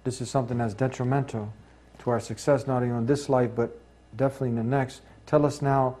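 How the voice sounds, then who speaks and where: A man's voice: medium pitch, steady tone, quick pace, mellow. A man hosting an interview show, earnest, asking long, leading questions. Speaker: talk show host.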